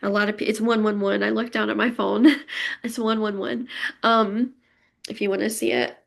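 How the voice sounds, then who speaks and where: A woman's voice: mid-range voice, little pitch movement, normal speed, gravelly. A young woman giving a pick-a-card tarot reading, emotional and gushing as she talks straight to her viewers. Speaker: tarot reader.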